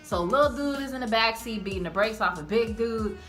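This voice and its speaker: A woman's voice: fairly high pitch, a little fast, faint music behind. A woman giving a casual, slangy, profane recap of a TV episode as a channel host. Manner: animated, slangy, profane storytelling. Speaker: TV show reviewer.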